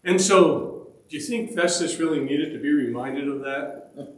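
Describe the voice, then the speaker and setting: A man leads a church Bible study, speaking slowly and steadily in a fairly high voice. He talks conversationally, restarting phrases and pausing on fillers, and he keeps asking the group questions. The room gives his voice a noticeable echo. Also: slight background noise. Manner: asks the group questions, checks in with "all right?".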